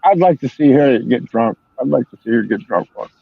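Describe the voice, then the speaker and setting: A man's voice: mid-range voice, expressive, brisk, gravelly, breathy edge, no room sound. An older man chatting casually as a stream host, telling rambling, profane stories. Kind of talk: casual chat. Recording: dull lo-fi sound.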